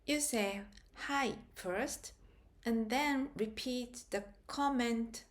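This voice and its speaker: A woman's voice: fairly high pitch, takes it slowly. A woman teaching a beginners' grammar lesson, patiently explaining and repeating example sentences. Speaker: Japanese language teacher. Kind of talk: slow grammar lesson narration.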